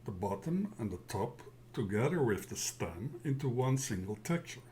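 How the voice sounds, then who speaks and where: A man teaching a software tutorial in a casual, halting way, often checking in with "yeah?". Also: mid-range voice, sing-song. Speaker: tutorial instructor. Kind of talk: casual screen-share tutorial.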